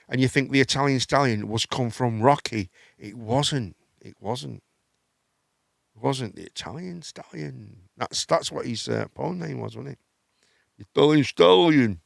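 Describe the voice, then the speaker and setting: A man's voice: a little high, gravelly, a bit bright, no room sound, studio quality. A middle-aged man hosting a live chat show, rambling with stammering restarts and casual swearing.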